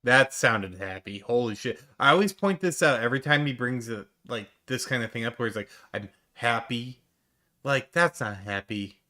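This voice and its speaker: Man, sarcastic reaction commentary, lively swinging pitch, bright edgy tone. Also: fairly quick, few pauses. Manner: sarcastic, mocking, swears. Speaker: streamer commentator.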